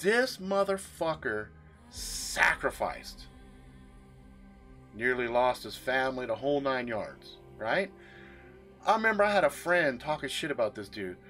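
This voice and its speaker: A man's voice: medium pitch, very animated, normal speed, a bit bright, soft background music. A man venting on his livestream in a room full of his gear, casual and profane, with emphatic swearing. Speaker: livestream host.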